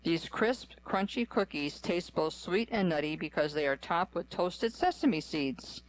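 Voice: mid-range voice, lively intonation, measured pace, poor audio. A narrator giving a scripted, evenly read-aloud run through a list.

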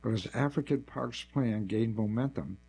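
A man narrating a nonfiction article as scripted narration, with a measured, even delivery. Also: mid-range voice, husky, rough recording.

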